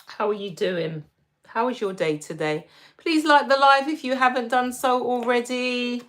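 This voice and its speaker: A woman with a London accent hosting a casual livestream, reading viewer comments aloud and answering them gently and reassuringly. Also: on the high side, unhurried. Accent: London English. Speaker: livestream host.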